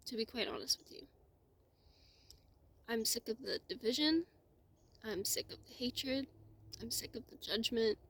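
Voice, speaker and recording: Slow, emotional woman on the verge of tears. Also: a little high. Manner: heartfelt, slow, drifting into soft whispers. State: close to tears. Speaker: spiritual vlogger. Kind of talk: emotional personal monologue.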